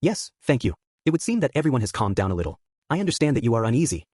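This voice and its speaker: A man's voice: mid-range voice, very animated, very fast, a little mellow, husky, dry recording. A man voicing a falsely polite, unsettling female cult leader who apologizes constantly in a sugary way.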